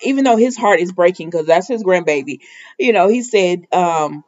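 A woman's voice: lowish voice, lively intonation, moderate pace, a little mellow. Woman vlogger, casual rambling recap talk, lots of you-knows, dull lo-fi sound. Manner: rambling, full of "you know" and "y'all". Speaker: vlogger recapping a soap opera. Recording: dull lo-fi recording.

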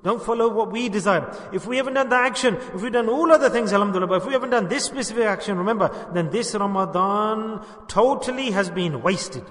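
Male preacher, high-pitched, earnest and emphatic, long hall reverb. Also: quick pace, few pauses, fairly bright tone. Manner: earnest, repeats for emphasis, asks the audience questions. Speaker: religious teacher. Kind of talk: sermon.

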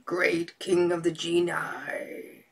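A woman's voice: fairly low pitch, little pitch movement, extremely slow, creaky, full character voice. A woman voicing a haughty, vengeful giant male genie in a storybook reading, speaking in a menacing half-whisper. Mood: pleading.

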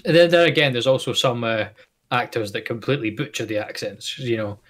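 A man co-hosting a podcast who chats casually and tells stories in a relaxed way. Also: mid-range voice, brisk. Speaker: podcast co-host. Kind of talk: casual chat.

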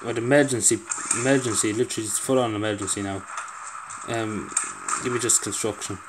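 A man's voice: fairly low pitch, steady tone, fairly quick, noisy background. A man giving casual let's-play commentary, exasperated and pleading, swearing often as things go wrong. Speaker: gameplay commentator.

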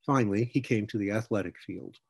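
A man narrating an audiobook in a steady storytelling manner. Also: fairly low pitch, a little fast, creaky, breathy edge. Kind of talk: scripted narration.

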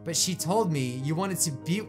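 A man's voice: a little high, moderate pace, music in the background, lightly acted. A man reading as a sad, self-blaming teen girl. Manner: quiet, flat reading with little acting.

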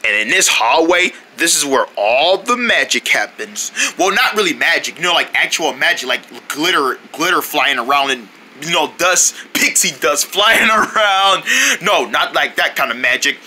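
A performer voicing a cocky, silly cartoon creature boy in a lowered, slow, boastful drawl with a husky tone. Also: lively intonation, pushed and bright.

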